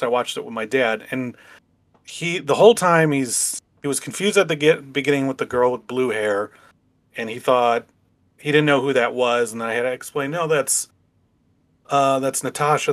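A man's voice: mid-range voice, moderate pace, fairly bright tone. A man co-hosting a casual podcast chat, telling stories and acting out dialogue with small laughs. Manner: storytelling with laughs, quoting others in dialogue. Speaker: podcast co-host.

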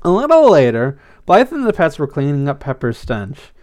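Expressive man reading a story aloud. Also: a little high, normal speed. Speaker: narrator.

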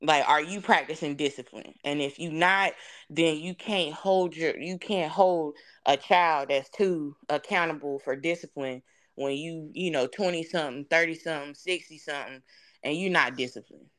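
A young woman shares her experience on a podcast in an earnest, reflective way, often pausing on fillers. Her voice comes through smooth and clear. She speaks at an unhurried, conversational pace. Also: low voice, fairly bright tone. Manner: earnest, reflective, drawn-out phrasing with many fillers. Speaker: podcast guest. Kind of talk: candid conversational storytelling.

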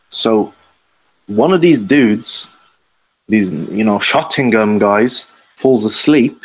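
A podcast guest tells a casual anecdote in a fairly low, slightly breathy voice, and the recording quality is poor. He rambles and talks in slang, acting out the voices of the people in his story.

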